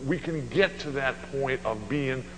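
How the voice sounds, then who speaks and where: A man in his sixties giving an animated keynote at a luncheon, telling stories and acting out voices. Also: mid-range voice, unhurried, long reverb tail, soft background music, poor audio. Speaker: motivational speaker. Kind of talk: storytelling keynote speech. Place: banquet hall at a luncheon.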